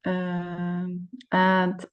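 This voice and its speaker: Older woman, from Turkey, native Turkish, student, hesitant simple answers, slow, muffled lo-fi call. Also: fairly low pitch, monotone, smooth. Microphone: video call.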